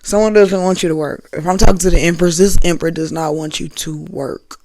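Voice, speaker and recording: A woman's voice: fairly low pitch, fairly even intonation, fairly quick, mellow, no room sound. Chatty woman giving a tarot reading. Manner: loose, chatty, repeats phrases, asks "you hear me?". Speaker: tarot reader. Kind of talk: casual tarot reading for an online audience.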